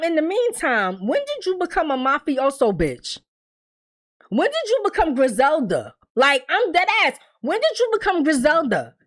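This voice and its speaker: A young adult woman giving a casual, profane TV recap, bluntly acting out the characters' lines as she tells the story. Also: sits high. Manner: blunt, profane, animated storytelling with quoted dialogue. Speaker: TV recap host.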